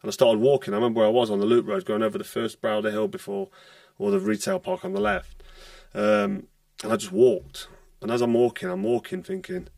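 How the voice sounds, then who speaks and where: A retired boxer, telling stories bluntly in a casual podcast chat and swearing freely. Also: male voice, mid-range voice, big pitch swings, quick pace, creaky, a little mellow, dry recording, clean studio sound, far from the mic. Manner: blunt, swears freely, acts out quoted dialogue.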